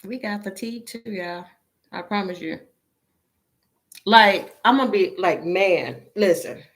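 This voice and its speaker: A woman's voice: medium pitch, a little slow. A woman talking casually to her viewers as a tarot reader, sounding weary, exasperated and emotionally drained, blunt and swearing now and then.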